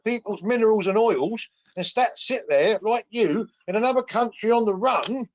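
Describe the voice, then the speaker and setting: A man hosting a heated online debate, brash and rambling. His voice is high for a man, and the audio is dull and lo-fi. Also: moderate pace. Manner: brash, rambling, laughs at his own jabs. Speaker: host.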